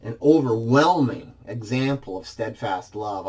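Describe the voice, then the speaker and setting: A man's voice: mid-range voice, animated, unhurried, darkish tone. A man preaching a sermon in church, reading scripture expressively and dramatizing the quoted lines.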